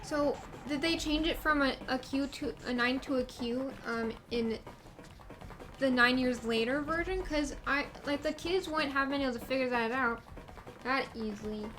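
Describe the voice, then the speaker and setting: A woman's voice: high-pitched, moderate pace, music in the background. A woman streaming a game live, chatting and laughing while reading the game text aloud.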